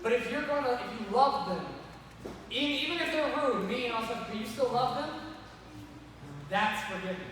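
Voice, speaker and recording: A man preaching to kids, animated and repeatedly calling them to listen. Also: very high voice, moderate pace. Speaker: youth speaker. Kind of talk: sermon to kids. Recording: echoey hall from far off, faint noise.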